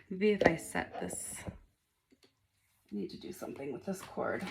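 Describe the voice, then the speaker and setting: A woman's voice: fairly low pitch, lively intonation, measured pace, vocal fry, pauses often, background noise. A woman in her forties, a nail polish vlogger, rambling casually to camera with lots of ums and frequent laughs. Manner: rambling, chatty, laughs often, many ums.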